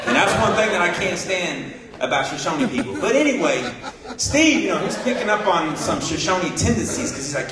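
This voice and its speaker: A man's voice: high voice, moderate pace, over a noisy crowd. A man doing a stand-up comedy set, telling stories and acting out the people in them. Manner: animated storytelling, acting out other people's voices. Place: hall with a live audience. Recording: echoey hall from far off, audience laughing.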